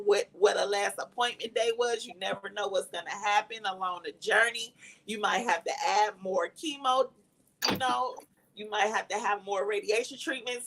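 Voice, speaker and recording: A woman's voice: medium pitch, gravelly, a bit bright, poor audio. A woman sharing her personal testimony in an earnest, reflective storytelling manner. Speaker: guest, cancer survivor sharing testimony. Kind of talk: personal testimony in casual talk.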